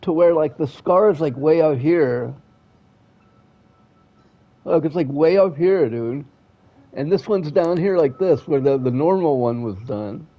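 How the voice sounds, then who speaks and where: A man's voice: on the high side, highs cut off. A man streaming a video game, rambling and aggrieved in casual chat, swearing constantly and trailing off mid-sentence. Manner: restless and aggrieved, trails off and restarts.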